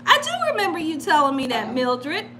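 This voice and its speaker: A woman's voice: high voice, fairly quick, background noise. A woman hosting a live cooking stream from home, chatting casually and telling stories with frequent laughter. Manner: animated, laughs often while telling stories. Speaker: cooking channel host.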